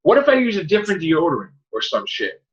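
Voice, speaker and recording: A man's voice: huge pitch swings, quick pace, muffled recording. A man hosting a casual podcast chat, ranting in an exasperated voice. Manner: exasperated, ranting, swinging pitch. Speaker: podcast host.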